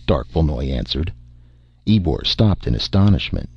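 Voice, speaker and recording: A man reading a science fiction story aloud in a measured, expressive way. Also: low voice, creaky, breathy edge, dry recording, lo-fi sound. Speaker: narrator.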